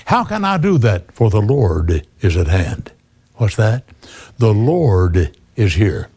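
A man's voice: mid-range voice, a little mellow, husky. An older man preaching a sermon, earnestly quoting scripture with chapter and verse and asking rhetorical questions.

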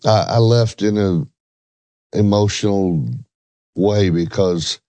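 Man, middle-aged, low voice, dry close sound, earnest storytelling. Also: slow pace, warm tone, no room sound, lo-fi sound. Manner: earnest, emphatic quoting of others. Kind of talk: storytelling in a religious talk show.

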